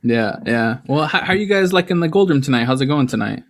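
A male podcast host in easy, casual chat. His pitch rises and falls a lot, and he often laughs and repeats himself. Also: animated, fast.

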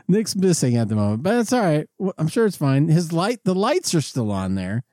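A man's voice: on the high side, big pitch swings, moderate pace, mellow, no room sound, studio quality. A man co-hosting a podcast, chatting casually with a laughing, rambling, playful manner. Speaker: podcast co-host. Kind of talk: casual chat.

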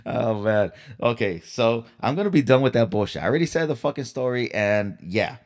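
On his podcast, the host tells a story as a solo rant, venting hotly with plenty of profanity and rhetorical questions aimed at listeners. His fairly low voice has lively intonation and a normal speed.

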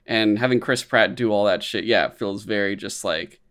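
A man co-hosting a podcast, chatting casually and eagerly reeling off facts, often pausing with "uh". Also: on the low side, a bit bright, clean tone. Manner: eager, fact-listing, halting with "uh". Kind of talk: casual chat.

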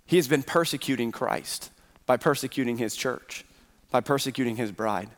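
A man's voice: mid-range voice, moderate pace. A man preaching a Sunday sermon as pastor, earnestly posing rhetorical questions to his congregation. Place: church sanctuary. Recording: reverberant hall.

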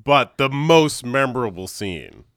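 A man's voice: mid-range voice, a little slow, no room sound, studio quality. A man with kids, a guest on a podcast, chatting casually and laughing often. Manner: animated, laughs often, acts out film quotes. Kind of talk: casual chat.

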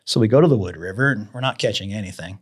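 Man, low voice, husky, casual storytelling, from Idaho, animated quoting. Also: very fast. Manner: animated storyteller acting out quotes. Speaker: guest fishing author.

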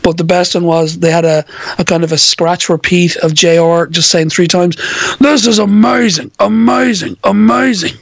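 A man's voice: on the high side, monotone, normal speed, a bit bright, no room sound. A man co-hosting a casual podcast, chatty and giggly, often stumbling and restarting his sentences. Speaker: podcast co-host. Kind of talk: casual wrestling recap chat.

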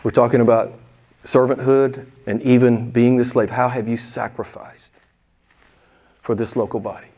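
A man's voice: medium pitch, flat delivery, normal speed, dark tone. A pastor in his sixties preaching a candid, conversational sermon and putting pointed questions to his congregation in a church. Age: 60s. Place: church sanctuary.

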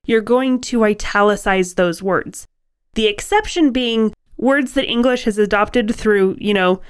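A woman's voice: medium pitch, clean tone. A woman co-hosting a conversational writing-advice podcast, explaining points with wry, playful humor. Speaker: podcast co-host.

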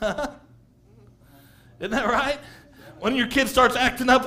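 A middle-aged man preaching a sermon as pastor, animated, laughing and acting out quotes from people. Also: very high-pitched, extremely slow.

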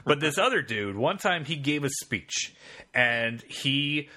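A man's voice: fairly high pitch, lively intonation, slow pace, bright, forceful tone. A man co-hosting a podcast, telling long rambling anecdotes in casual chat. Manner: rambling storyteller with frequent fillers and restarts. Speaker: podcast co-host.

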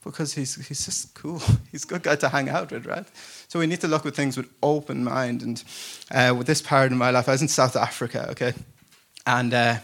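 In front of a church congregation, a pastor gives a relaxed, storytelling sermon, often poking fun at himself and laughing a lot. He has a mid-range, somewhat bright voice with vocal fry, a steady tone and a fairly quick pace.

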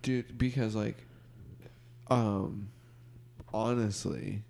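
A man chatting casually on a podcast in a low, dark voice with a gravelly rasp. He is laid-back and loose, dropping "dude" and "like" all through his talk. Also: fairly even intonation, very slow. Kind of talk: casual chat.

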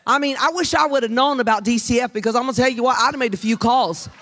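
Give me a middle-aged woman with a drawl, preaching from a church platform. She talks in an animated, folksy way, tells homey stories and keeps tossing questions out to the congregation. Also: fairly high pitch, fast. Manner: animated, chatty, folksy, addresses the room with questions. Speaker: pastor's wife preaching to a congregation. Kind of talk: humorous storytelling sermon. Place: church sanctuary with a live congregation.

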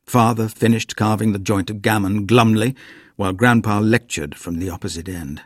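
A man reading a ghost story aloud in measured, quietly dramatic scripted narration. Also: fairly low pitch, dry recording, clean studio sound.

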